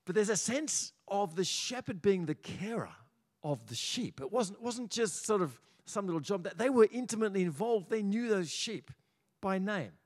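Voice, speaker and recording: An Australian man preaching a sermon as pastor in a church, animated and often repeating small words as he builds his points. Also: high voice, moderate pace. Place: church auditorium.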